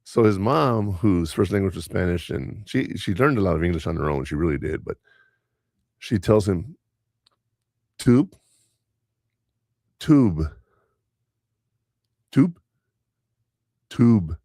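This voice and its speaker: A middle-aged man hosting a podcast, telling family stories in a rambling, animated way. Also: deep voice, moderate pace, dry recording, studio quality. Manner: rambling, animated storyteller who mimics voices. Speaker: podcast host. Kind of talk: casual storytelling chat.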